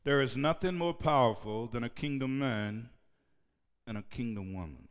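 A man's voice: medium pitch, expressive, normal speed, smooth. Preaching man in a reverberant church. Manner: shouting, call-and-response preaching. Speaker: pastor. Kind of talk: sermon. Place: church sanctuary.

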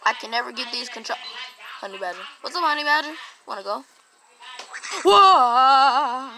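A woman's voice: on the high side, quick pace, sharp tone, a little hiss or hum, low-quality recording. A young woman giving casual, jumpy commentary while playing a video game, often yelping when startled. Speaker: gaming vlogger.

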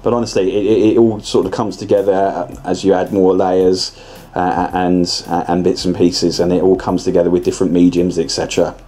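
A man speaks in a somewhat low, warm voice. He narrates a model-building lesson casually, wandering off track and stumbling over restarts. The tone stays easygoing and conversational throughout. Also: level tone, a little fast. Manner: rambling, chatty, self-correcting, with many restarts.

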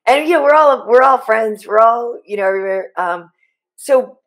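A woman hosting a casual podcast, telling a laughing story in quick, animated bursts. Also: on the high side. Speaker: podcast host and sports anchor. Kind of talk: casual chat.

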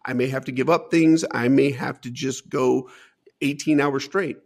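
A man's voice: medium pitch, steady tone, normal speed, darkish tone. A man as an interview guest, telling a personal life story in an earnest, emphatic way with frequent "man" asides.

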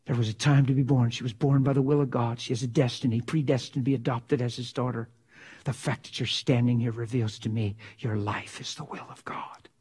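A male pastor preaching an impassioned sermon in a folksy way, dropping from loud cries to hushed whispers. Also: medium pitch, steady tone, fairly quick, husky. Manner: folksy, drops into slang like "ain't".

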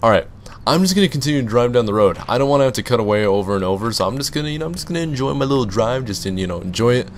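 A man's voice: medium pitch, animated, rapid-fire, a little hiss or hum. A young man commenting on his own gameplay, rambling and breaking into panicky outbursts. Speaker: gaming YouTuber. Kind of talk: let's play commentary.

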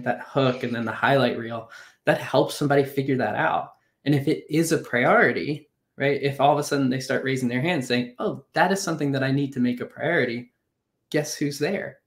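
A man with a mid-range voice speaks as a guest in an easy, conversational way. He often drifts into "like" and "um" as he works through his points. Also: mid-range voice. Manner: relaxed, many fillers like "like" and "um". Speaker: guest, company co-founder. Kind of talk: casual conversational webinar talk.

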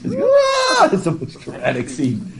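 A male literature professor giving a classroom lecture, lively and laughing, reading passages aloud with animated voices. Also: mid-range voice, normal speed, over a noisy crowd. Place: classroom with students. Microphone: masked, recording his class.

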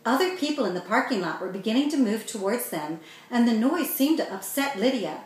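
A woman author reading her children's story aloud in a steady, clear way. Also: a little high, brisk. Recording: very echoey room.

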